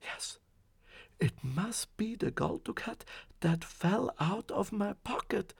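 A man narrating a fairy tale in a slow, expressive reading. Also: sits high, vocal fry, breathy edge, no room sound. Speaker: storyteller. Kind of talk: storybook narration.

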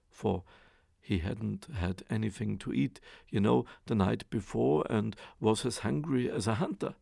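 A man reading a fairy tale aloud, with expressive, rhythmic storytelling. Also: fairly low pitch, unhurried, vocal fry, no echo, clean studio sound.

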